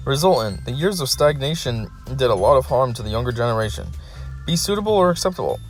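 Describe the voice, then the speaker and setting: A man's voice: mid-range voice, a little fast, faint music behind. A man hosting a casual solo video, reading dictionary definitions aloud and breaking off now and then to complain. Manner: reads definitions flatly, breaks off to complain and laugh.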